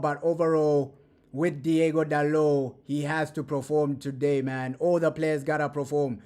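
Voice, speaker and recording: Excitable man reacting, slightly high voice. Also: normal speed. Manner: animated, repeats points, says "bro" often. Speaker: fan channel host reacting to an interview. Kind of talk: casual live-stream commentary.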